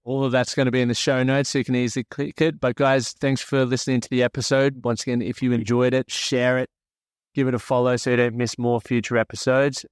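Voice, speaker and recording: A man's voice: mid-range voice, little pitch movement, fast, smooth, no room sound, studio quality. A man hosting a podcast, thanking his guest informally and reading a scripted outro. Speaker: podcast host. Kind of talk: casual interview wrap-up and scripted outro.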